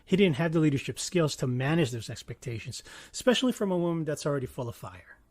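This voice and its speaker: A man in his thirties giving a casual commentary monologue, animated, swinging between loud bursts and quiet asides and swearing freely. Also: a little high, fast, no room sound, studio quality. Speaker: commentary vlogger.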